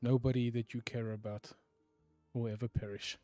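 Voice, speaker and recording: A man voicing a calm, devoted male guardian who speaks quietly and solemnly. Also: mid-range voice, moderate pace, dry recording, faint music behind, lightly acted.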